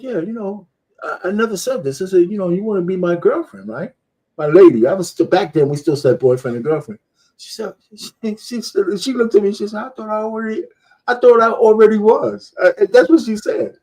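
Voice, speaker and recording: A man's voice: on the high side, warm tone. A married man in a casual chat, telling a personal story in a laid-back way.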